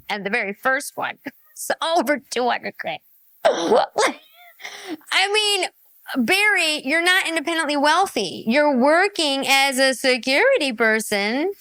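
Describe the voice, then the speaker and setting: A woman hosting a reaction commentary, exasperated and animated, often laughing. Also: sits high, no echo. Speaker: reaction host.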